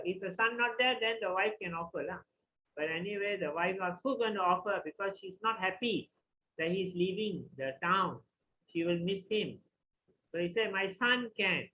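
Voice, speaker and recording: A man, teaching a class by telling a devotional story in a relaxed, conversational way. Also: sits high, a little hiss or hum, low-quality recording. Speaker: scripture teacher.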